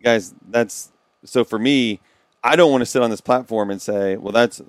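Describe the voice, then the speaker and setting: With a mid-range voice at normal speed and no room sound, a man co-hosts a podcast, chatting casually and earnestly. He tells his stories by acting out the quoted dialogue of the people in them.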